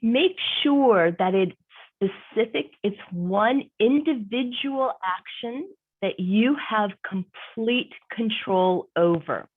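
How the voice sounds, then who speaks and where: A woman's voice: a little high, lively intonation, slow pace. A woman career coach giving an online workshop presentation, conversational and emphatic, repeating her key points. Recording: tinny phone-like audio.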